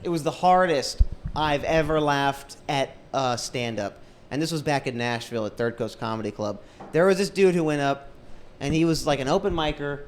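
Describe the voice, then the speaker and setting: A man's voice: on the high side, moderate pace, slight background noise. A man co-hosting a comedy podcast, chatting in a blunt, profane way and laughing along. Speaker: podcast co-host. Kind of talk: casual podcast chat.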